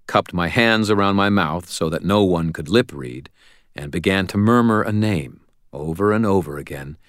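Deep-voiced man narrating an audiobook. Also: fairly bright tone, no room sound, clean studio sound. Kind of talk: scripted first-person narration.

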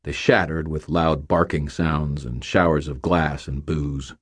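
A man's voice: a bass voice, fairly even intonation, a little slow, slightly rough. A man narrating a first-person story in audiobook style, with dry, wry humor.

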